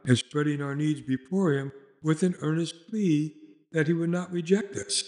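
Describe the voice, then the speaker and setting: A man's voice: on the high side, moderate pace, dark tone. A man reading a sermon aloud as a preacher, in an earnest, exhorting manner.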